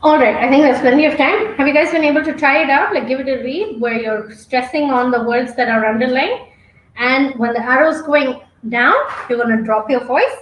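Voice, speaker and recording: High-voiced woman coaching a webinar. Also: moderate pace, echoey room, a little hiss or hum, rough recording. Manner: coaching, checks in with frequent "okay?". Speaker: exam prep trainer. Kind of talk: online webinar teaching.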